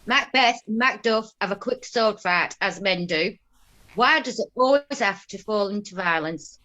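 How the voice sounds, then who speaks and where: A woman's voice: medium pitch, animated, a little slow, sharp tone. A woman reading wry, rhyming lines in an amateur comic play over a video call. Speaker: amateur actor and narrator. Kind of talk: comic Zoom play performance.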